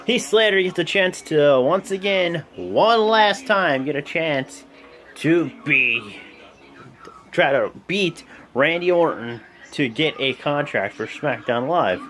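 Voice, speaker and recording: Animated young man rambling a wrestling recap. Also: fairly high pitch, slow pace, faint music behind. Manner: rambling, animated, lots of fillers. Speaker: wrestling show reviewer. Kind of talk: casual video recap. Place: home room with a TV.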